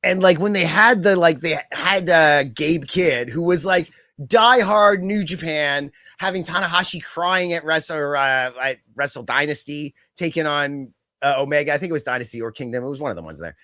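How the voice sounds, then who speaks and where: A young adult man co-hosting a casual podcast chat, rambling and animated, with lots of fillers and quick mock impressions. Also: fairly high pitch, dry recording, clean studio sound. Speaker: podcast co-host.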